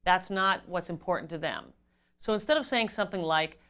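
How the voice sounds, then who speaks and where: A woman giving an instructional talk on customer service as a trainer, measured and explanatory, stressing key words. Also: on the low side, a bit bright.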